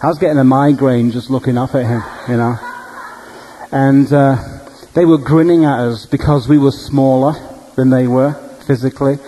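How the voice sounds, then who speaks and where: A male preacher telling dream stories in a sermon, animated and humorous. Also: medium pitch, moderate pace, low-quality recording. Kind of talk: storytelling sermon.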